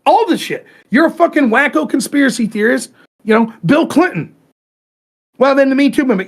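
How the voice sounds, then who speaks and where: A man's voice: very high-pitched, very animated. Fired-up, profane man ranting on his talk show. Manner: profane, fired-up, talks in rapid bursts and mimics opponents. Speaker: show host. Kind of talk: heated political talk-show rant.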